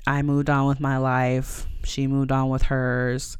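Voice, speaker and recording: A woman's voice: a bass voice, completely flat delivery, takes it slowly, clear, resonant tone, dry recording, studio quality. A young adult woman hosting a podcast, telling a personal story frankly and emotionally, with casual swearing and lots of fillers. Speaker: podcast host.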